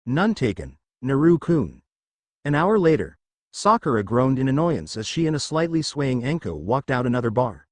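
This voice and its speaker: Animated male story reader, dry close sound. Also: medium pitch, a little fast, dry recording. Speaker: narrator. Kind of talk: reading fan fiction aloud.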